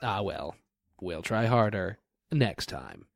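A man's voice: deep voice, sing-song, slow, gravelly, no room sound, studio quality. A man co-hosting a casual podcast, joking and self-deprecating with rambling asides. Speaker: podcast co-host.

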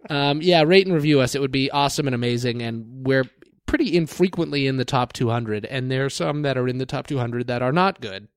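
A man's voice: mid-range voice, a little fast, hardly any pauses, clear, resonant tone, no room sound, clean studio sound. A man co-hosting a casual podcast, joking and self-deprecating with rambling asides. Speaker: podcast co-host.

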